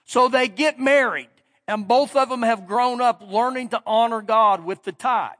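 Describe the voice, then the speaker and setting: High-voiced preacher in a reverberant hall. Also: male voice, moderate pace, a bit bright. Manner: folksy storytelling, emphatic build-ups. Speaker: pastor. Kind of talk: sermon. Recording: long reverb of a big hall.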